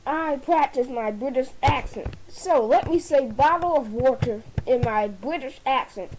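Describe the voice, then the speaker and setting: A woman's voice: high-pitched, expressive, measured pace, background noise. A woman giving a comedic formal toast, often tripping over words and restarting them. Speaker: speaker giving a dinner toast.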